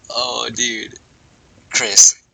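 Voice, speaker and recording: A man co-hosting a podcast in casual chat, answering in a slow, laid-back, apologetic way. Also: medium pitch, level tone, gravelly, sharp tone, low-quality recording. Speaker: podcast co-host.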